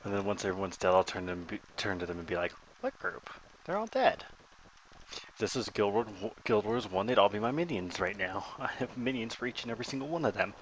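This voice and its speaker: Low-voiced man commentating his gameplay. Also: quick pace, few pauses, a little hiss or hum, poor audio. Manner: thinks aloud while playing, chatty and joking. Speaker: gamer commentating his own play.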